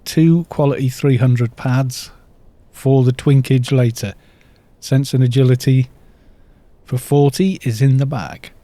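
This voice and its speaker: Mellow-voiced man rambling while gaming. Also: mid-range voice, steady tone, measured pace, no room sound. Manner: rambling, chatty storytelling between game remarks. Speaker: game streamer. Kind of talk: casual live-stream chat while gaming.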